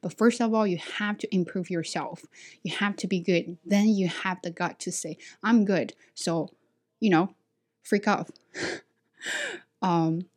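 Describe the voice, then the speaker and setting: A woman with a Chinese accent hosts a casual solo podcast, speaking frankly and with plenty of energy. Her voice sits a little on the low side, and she often breaks into a laugh mid-thought. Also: steady tone, unhurried. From China. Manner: candid, outspoken, laughs while telling stories. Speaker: podcast host, ESL teacher.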